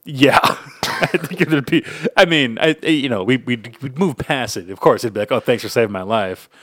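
A man's voice: medium pitch, moderate pace, fairly bright tone, breathy edge, no echo, studio quality. A man co-hosting a podcast in casual banter, telling crude stories and laughing mid-sentence. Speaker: podcast co-host.

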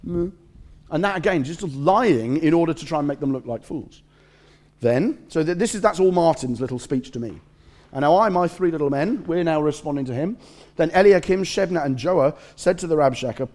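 A man's voice: on the high side, fairly quick. A man preaching a sermon, reading scripture aloud and breaking off for joking asides and stories. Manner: animated, joking asides and storytelling.

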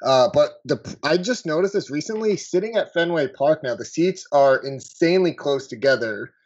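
A man's voice: fairly high pitch, moderate pace. A man in his twenties hosting a podcast, chatting casually with fillers and restarts. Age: 20s. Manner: relaxed, hesitant, filler-heavy. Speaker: podcast host. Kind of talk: casual chat. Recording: dull lo-fi podcast audio.

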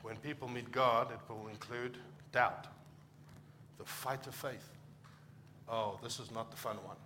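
A man's voice: medium pitch, fairly even intonation, measured pace, bright, forceful tone, a little hiss or hum. A middle-aged man from Africa, a pastor preaching a conversational sermon and acting out short quoted exchanges.

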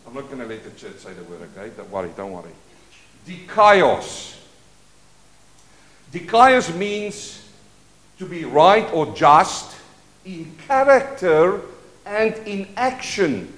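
A man preaching a sermon as pastor, leading call-and-response and moving between quiet asides and loud declarations. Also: fairly high pitch, sing-song, unhurried, reverberant. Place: church.

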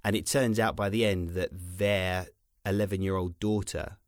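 A man's voice: low voice, fairly even intonation, normal speed, dry recording, clean studio sound. A British man in his thirties co-hosting a casual podcast, chatting wryly and teasing his friend. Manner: wry, teasing, mock-pompous asides. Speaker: podcast co-host. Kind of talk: casual chat.

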